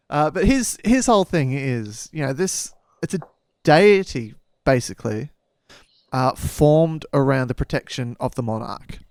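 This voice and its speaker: A man's voice: mid-range voice, animated, measured pace, a little mellow, dry recording, studio quality. A man co-hosting a casual book podcast, rambling and joking with lots of fillers, with a slight head cold. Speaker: podcast co-host.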